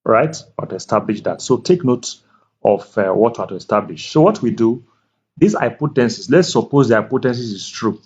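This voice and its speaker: A man tutoring math at a board, speaking slowly and deliberately, repeating key words and checking that the viewer is following. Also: mid-range voice, expressive, a little mellow, husky. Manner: slow, deliberate, repeats key words, asks "can you see that?". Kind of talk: whiteboard math lecture. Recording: dull lo-fi recording.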